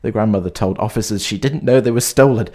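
A man's voice: fairly low pitch, quick pace, a little mellow. A man hosting a light-hearted news segment, reading stories and adding joking asides with stumbles and fillers. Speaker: host.

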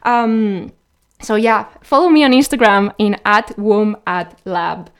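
A woman's voice: medium pitch, slow, clean tone. A woman hosting a radio show, sharing science facts between songs in a loose, chatty way with many fillers and self-corrections.

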